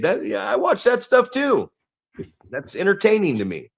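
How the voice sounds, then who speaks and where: Guy ranting on a podcast, cussing a lot, voice jumps all over, kinda high. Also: normal speed. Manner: profane, emphatic, animated. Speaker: podcast co-host. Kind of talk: casual podcast rant.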